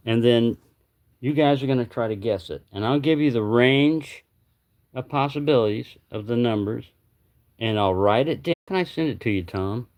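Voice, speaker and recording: A man's voice: mid-range voice, normal speed, darkish tone. A man hosting a casual livestream at home, rambling and joking, sometimes mumbling asides to himself. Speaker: livestream host.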